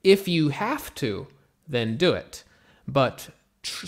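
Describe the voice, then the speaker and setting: Young male English teacher, gravelly voice, easygoing live-stream lesson pace. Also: medium pitch. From United States. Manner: relaxed, slow repetitions of example phrases, mixes in Turkish.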